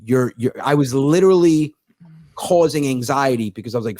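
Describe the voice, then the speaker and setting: A man in his thirties, a comedian telling stories in a fast, profane, sarcastic casual chat. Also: mid-range voice, warm tone, no room sound, clean studio sound. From United States. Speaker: comedian guest.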